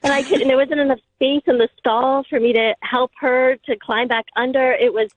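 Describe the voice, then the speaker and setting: A woman's voice: sits high, fairly even intonation, moderate pace. A woman calling into a radio show, telling an awkward story in a rueful, cringing way. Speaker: radio caller. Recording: tinny phone line.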